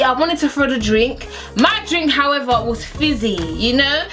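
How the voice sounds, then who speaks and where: A young woman tells a story from her own life in a relaxed vlog style, and she acts out every quoted line with dramatic jumps in pitch. Her voice sits a little high. Soft music plays faintly underneath. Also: fairly quick, few pauses. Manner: animated, acts out quotes with big pitch swings. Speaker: storyteller vlogger. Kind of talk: casual story time.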